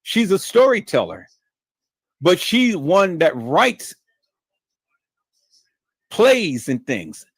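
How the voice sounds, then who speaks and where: Animated male live streamer, dry close sound. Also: drawn-out words, pauses often, slightly rough, no echo. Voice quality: sings. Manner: swings from low mutter to loud near-shouting for emphasis; repeats phrases, addresses viewers as "peoples". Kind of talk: casual monologue to viewers.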